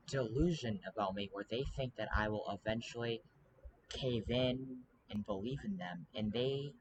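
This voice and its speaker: A man in a casual monologue to camera, rambling on with urgency and plenty of ums and restarts. His pitch sits in an everyday middle range. A steady noisy hiss runs behind him.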